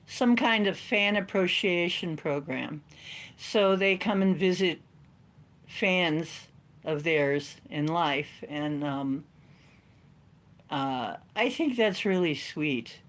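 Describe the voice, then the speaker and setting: A woman hosting a card-reading live stream, chatting in a playful, joking way. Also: lowish voice. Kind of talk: casual chat on a live stream.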